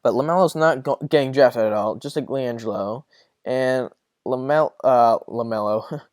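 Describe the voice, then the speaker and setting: A man's voice: mid-range voice, moderate pace, darkish tone, no room sound. Rambling profane young man, dry sound. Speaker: podcast host. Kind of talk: casual solo sports rant.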